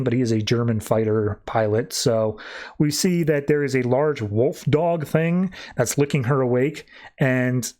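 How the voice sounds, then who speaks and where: A man's voice: mid-range voice, a little mellow. A man hosting a podcast, loosely retelling comic book scenes in casual chat, with lots of "like" and paraphrased lines. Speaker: podcast host.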